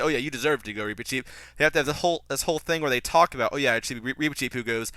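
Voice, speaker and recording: A young man giving a casual, critical film commentary, animated and restarting his sentences often. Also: mid-range voice, clear, resonant tone, dry recording. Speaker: podcast host reviewing a film.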